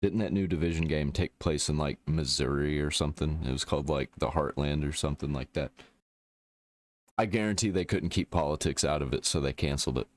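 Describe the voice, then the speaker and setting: A man's voice: extremely low pitch, a little fast. A man hosting a casual reaction commentary, talking back at a clip in a blunt, opinionated way. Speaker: reaction host.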